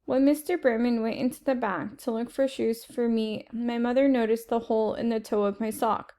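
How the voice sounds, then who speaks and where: A woman reading a children's chapter book aloud in steady first-person narration. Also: fairly high pitch, normal speed. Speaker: reader.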